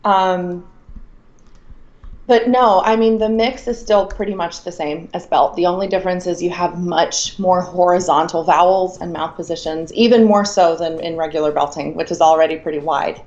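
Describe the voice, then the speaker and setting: A woman's voice: lowish voice, fairly even intonation, normal speed, a little mellow, muffled recording. A young woman from Mississippi, an opera singer co-hosting a live stream over a Skype call, chatting with gushing enthusiasm and stretching words for emphasis. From Mississippi, USA. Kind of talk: casual live stream chat answering questions. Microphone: remote Skype call.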